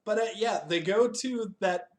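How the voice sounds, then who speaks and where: A high-voiced man co-hosts a podcast, a casual chat reviewing a TV special, at a measured pace. He laughs a lot, swears, and makes jokes at his own expense.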